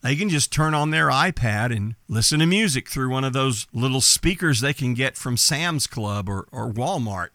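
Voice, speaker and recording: A middle-aged man with a light Texas accent, talking like a confident coach. His voice sits at an average pitch and jumps up when he stresses a point. The sound is close and dry. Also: expressive, moderate pace, few pauses, bright, forceful tone, dry recording. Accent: light Texas accent, mostly neutral. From East Texas. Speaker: entertainment business coach, podcast host. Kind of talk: instructional podcast talk.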